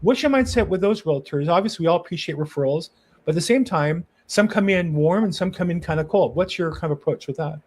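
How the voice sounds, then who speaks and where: A man hosts a conversational interview over a video call, chatty and quick to agree. He laughs easily and tells personal stories. His voice sits slightly high. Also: darkish tone. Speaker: interview host.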